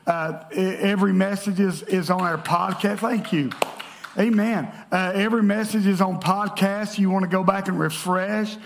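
Male pastor, lively joking sermon delivery to a congregation; high-pitched, gravelly tone. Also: normal speed, noisy background. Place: church sanctuary.

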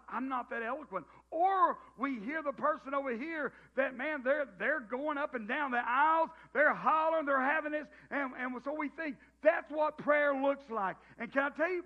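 A man's voice: extremely high pitch, normal speed, hardly any pauses. A middle-aged man with a Southern US accent preaching a sermon in a folksy, joking way, often restarting his sentences. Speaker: pastor. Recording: dull lo-fi sound.

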